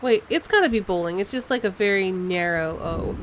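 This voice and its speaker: A woman's voice: medium pitch, fairly quick, noisy background. Woman musing through a game stream. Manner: musing aloud, puzzling over clues. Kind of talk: live game commentary.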